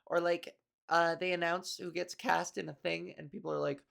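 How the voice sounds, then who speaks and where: A woman's voice: lowish voice, steady tone, normal speed, gravelly, a bit bright. A woman hosting a comedy podcast, talking in a casual rambling monologue, swearing a lot and acting out the people she mocks.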